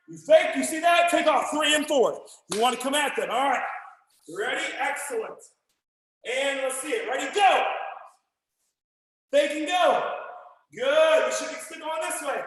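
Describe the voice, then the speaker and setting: A man teaching a martial arts class online, calling out drill commands with loud, energetic coaching. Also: very high-pitched. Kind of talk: live online class instruction. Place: martial arts studio, indoors. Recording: echoey room with long reverb.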